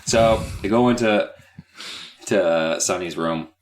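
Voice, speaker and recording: A man's voice: low voice, slow pace. A man co-hosting a podcast, recapping a book in casual chat with a sarcastic, profane edge. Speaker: podcast co-host.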